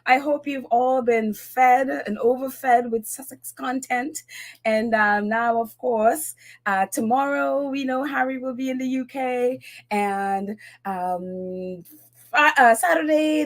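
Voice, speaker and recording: Breathless, chatty woman host. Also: high-pitched. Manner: chatty, laughs often, animated. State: a little out of breath. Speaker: podcast host. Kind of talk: casual live-stream chat.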